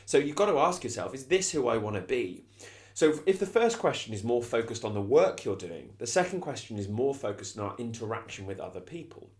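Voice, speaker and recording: A man's voice: mid-range voice, sing-song, fairly quick, few pauses, a little mellow. A middle-aged man, giving a reflective, conversational self-help talk as a coach and often restarting his phrases. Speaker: coach and consultant.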